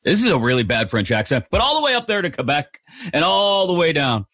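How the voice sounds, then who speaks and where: A man hosting a live sports talk radio show with an upbeat, energetic broadcaster delivery on a studio microphone. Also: a little high, fairly quick, no echo.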